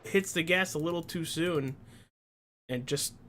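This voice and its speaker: A man with a fairly high voice calls an online race, switching between play-by-play and teasing his co-hosts. A faint background noise runs under his voice. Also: unhurried, sharp tone. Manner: play-by-play calls mixed with banter. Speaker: sim racing commentator. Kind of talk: joking race commentary.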